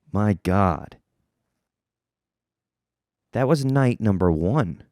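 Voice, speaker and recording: A man hosting a podcast, telling a story in a casual, self-mocking way and jumping up in pitch for emphasis. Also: darkish tone, no room sound, studio quality. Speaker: podcast host.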